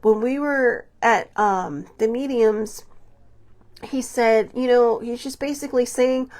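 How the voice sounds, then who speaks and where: A woman's voice: fairly high pitch, takes it slowly, darkish tone. A woman hosting her own podcast, talking through personal stories in a rambling, confiding way, full of fillers and restarts, and acting out quoted dialogue. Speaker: podcast host. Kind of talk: personal reflective monologue.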